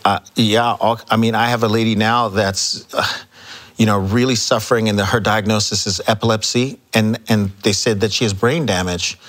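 A man telling stories as an interview guest, acting out quoted dialogue with lively energy. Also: lowish voice. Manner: animated storyteller, acts out quoted dialogue. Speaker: chiropractor guest. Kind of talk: casual storytelling interview.

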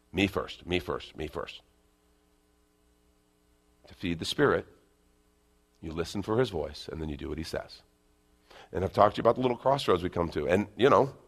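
Low-voiced man preaching a lively sermon. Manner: conversational preaching, swinging from loud emphasis to hushed asides. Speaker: pastor.

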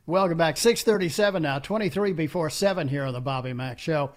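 A man's voice: fairly high pitch, fairly quick. A man hosting a radio talk show, reading texts and taking calls in a friendly, upbeat way.

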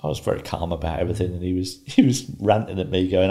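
A man in his fifties, a guest on a podcast, telling a story calmly and wryly, often laughing. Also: low voice, fast. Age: 50s. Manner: calm, wry, laughs while telling a story. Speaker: interview guest.

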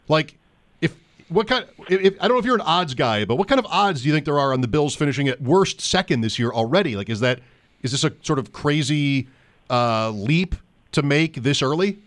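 A man hosting sports radio talk, conversational and joking with quick asides to his guest. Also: fairly high pitch, expressive.

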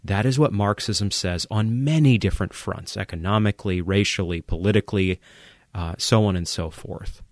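A man's voice: lowish voice, moderate pace, no echo, studio quality. A man hosting a podcast, delivering an impassioned commentary monologue full of rhetorical questions and emphatic repetition. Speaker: podcast host.

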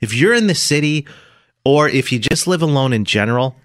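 Lively-voiced male radio host. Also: medium pitch, a little fast, dry recording, studio quality. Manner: conversational, asks follow-up questions. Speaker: co-host of a morning radio show. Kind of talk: casual radio chat. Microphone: dry studio microphone.

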